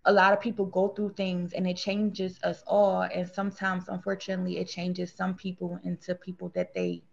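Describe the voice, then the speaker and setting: Earnest woman with a gravelly voice. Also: on the low side, moderate pace, muffled recording. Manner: earnest, rambling, animated when quoting others. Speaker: guest sharing grief story. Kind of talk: emotional conversational interview.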